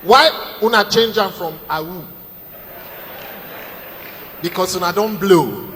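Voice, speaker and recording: A man's voice: high voice, slow, bright, forceful tone, a little hiss or hum. A middle-aged man with a Nigerian accent doing a live stand-up set, telling stories with Pidgin asides and acting out the people he quotes. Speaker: stand-up comedian. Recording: echoey hall, faint ambience.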